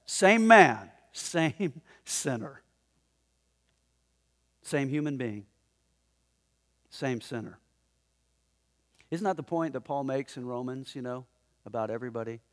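A man preaching a sermon in a conversational, animated way, often chuckling as he talks to the congregation in the room. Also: medium pitch. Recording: long hall reverb.

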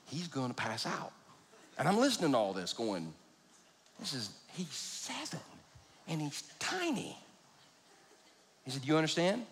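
A middle-aged man preaching a sermon, telling stories with self-deprecating humor. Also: medium pitch. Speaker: pastor. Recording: long reverb of a large hall.

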